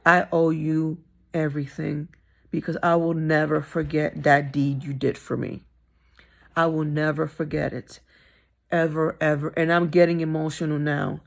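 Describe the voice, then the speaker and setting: Low gravelly woman telling her story. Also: flat delivery, a little slow. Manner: candid, emphatic, repeats phrases for stress. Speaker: vlogger. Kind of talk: personal storytelling vlog.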